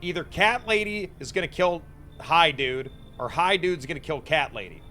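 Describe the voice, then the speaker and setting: A man's voice: a little high, lively intonation, moderate pace, pushed and bright, faint music behind. A male streamer giving casual, chatty gameplay commentary, reacting and thinking aloud. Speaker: VTuber streamer.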